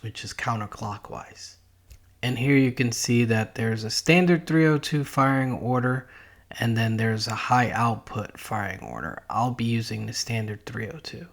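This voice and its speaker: Middle-aged male DIY host, lowish voice, plain step-by-step voice-over. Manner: plain, matter-of-fact step-by-step explaining. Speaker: DIY car channel host. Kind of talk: voice-over narration of a DIY car project.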